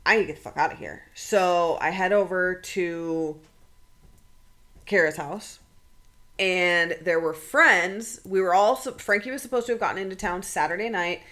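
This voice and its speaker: A young adult woman co-hosting a podcast tells an emotional story casually, swearing freely and quoting people in quick bursts. Her voice is on the low side and a bit bright.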